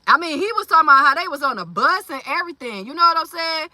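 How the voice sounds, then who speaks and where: Reading and replying to viewer comments aloud, a livestream host in her forties keeps the chat casual, loose and slangy, with plenty of fillers. She talks fast, her high, sharp voice full of lively intonation, and there's no echo.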